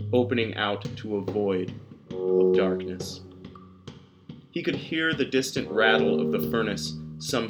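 A man narrating a dark horror story in a slow, measured storytelling voice. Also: lowish voice. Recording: loud guitar music behind the voice. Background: loud plucked guitar music.

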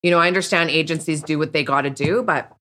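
A woman's voice: sits low, fast talker, bright, forceful tone. A woman speaking candidly as an interview guest, bluntly and with frequent restarts. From Canada. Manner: blunt, rambling, many restarts. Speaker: podcast guest.

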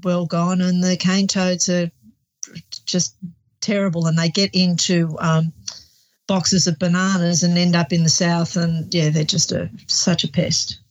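A woman's voice: fairly low pitch, level tone, unhurried. Chatty woman on a dull lo-fi line. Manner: chatty and enthusiastic, laughs easily. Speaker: co-host. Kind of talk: casual group chat on a podcast. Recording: dull lo-fi remote audio.

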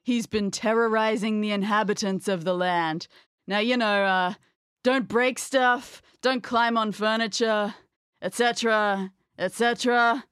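Woman doing a zombie game master, undead male, slow drone, slightly raised voice, dry sound. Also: medium pitch, fairly even intonation, fairly bright tone, clear, resonant tone, no echo, lightly acted. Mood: droning. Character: undead male escape-room game master, weary and stiff.

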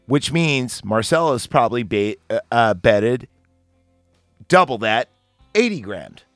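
A man's voice: mid-range voice, very animated, takes it slowly, a bit bright, no echo, studio quality, faint music behind. Rambling, swearing man chatting about a film. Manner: rambling, swears often, laughs easily. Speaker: podcast host. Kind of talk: casual film chat.

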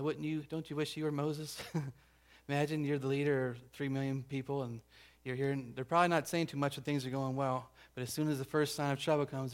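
A pastor preaching a conversational sermon, checking in with the congregation and acting out the grumbling crowd. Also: male voice, medium pitch. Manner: acts out grumbling crowd voices.

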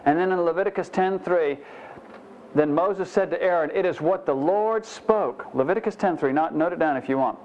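A pastor teaches scripture in a relaxed, folksy sermon at normal speed, sprinkling in "you know" asides and poking fun at himself. His voice sits a little high for a man, and the recording is dull and muffled.

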